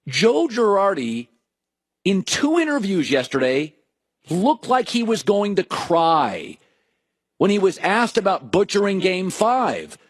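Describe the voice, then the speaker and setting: A middle-aged man talking sports in an opinionated monologue, his fairly high voice leaping up and down as he jokes and riffs. The sound is close and dry, with no room around it. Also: no echo. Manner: animated, joking, riffing in quick asides. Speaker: sports radio host.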